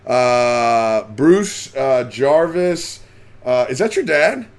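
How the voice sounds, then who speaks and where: A man's voice: medium pitch, animated, very slow. A man hosting a casual live stream about fishing, chatting and reading out the names of viewers as they join.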